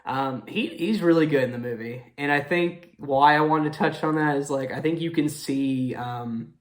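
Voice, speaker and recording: A man's voice: a little high, normal speed. A young man hosting a casual movie review, talking in a rambling way with many fillers and apologetic self-corrections.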